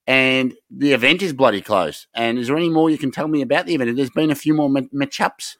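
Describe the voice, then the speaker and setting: Speaking a little fast in a mid-range voice, this Australian man co-hosts a podcast full of hyped casual chat and rowdy, swearing, excitable rants. The recording is dry and of studio quality.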